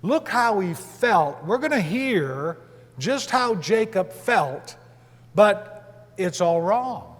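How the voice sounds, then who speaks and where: A man preaching a sermon to a congregation in a deliberate, emphatic way, posing rhetorical questions as he works through scripture. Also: high voice, long reverb tail. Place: church service hall.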